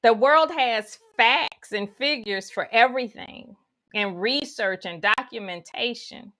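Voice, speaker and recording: A woman's voice: fairly high pitch, a little slow, a bit bright. A woman giving a spiritual teaching talk, guiding listeners through imagery with folksy asides.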